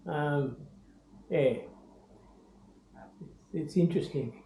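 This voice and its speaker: An older Australian man chatting casually about his pet bird, rambling with many ums and breaking into high baby-talk. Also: animated, slow, long pauses, warm tone, roomy sound, slight background noise, rough recording. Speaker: bird owner. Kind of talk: casual home video chat.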